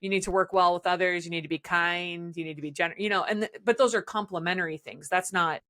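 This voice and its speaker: A woman with a fairly low voice hosts an interview conversation. She frames her questions at length, thinking aloud and sometimes restarting her sentences. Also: steady tone, fast, fairly bright tone. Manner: thoughtful, long questions with restarts. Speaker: podcast host.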